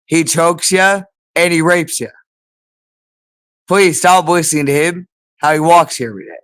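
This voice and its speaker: Agitated man with a smooth voice. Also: a little high, normal speed, fairly bright tone. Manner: agitated, repetitive, profane. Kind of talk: rambling monologue.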